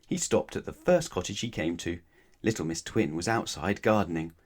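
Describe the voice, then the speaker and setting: Low-voiced man reading a bedtime story. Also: very animated, moderate pace. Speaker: storybook reader. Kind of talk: children's bedtime story read-aloud.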